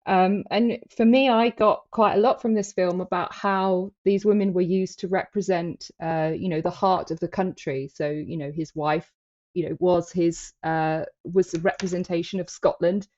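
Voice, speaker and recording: A woman's voice: lowish voice, steady tone, moderate pace, a little mellow. Thoughtful woman on dull lo-fi audio. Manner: thoughtful, hesitant with fillers. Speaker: podcast co-host. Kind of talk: casual discussion.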